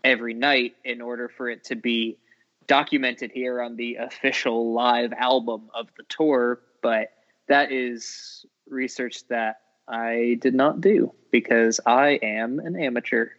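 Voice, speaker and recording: A man's voice: mid-range voice, fairly even intonation, measured pace, fairly bright tone. A man from New England co-hosting a podcast, teasing his partner with dry humor in casual banter. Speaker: podcast co-host. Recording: dull lo-fi audio.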